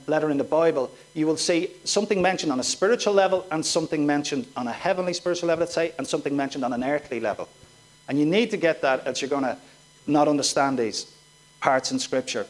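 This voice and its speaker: High-voiced man preaching a sermon. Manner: questioning, emphatic, acts out quoted voices.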